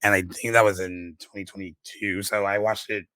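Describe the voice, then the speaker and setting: Male podcast co-host, slightly hoarse, low flat voice, rambling delivery, dry close mic. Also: moderate pace, dry recording, poor audio. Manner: rambling, with many fillers and restarts. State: voice a little shot. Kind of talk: casual movie podcast chat.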